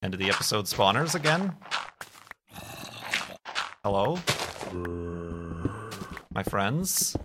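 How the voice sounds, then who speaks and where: A man's voice: lowish voice, big pitch swings, measured pace, pauses often, very noisy. A man streaming a game and chatting casually, rambling from one thing to the next with self-mocking jokes. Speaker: gaming streamer. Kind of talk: casual chat while playing a game.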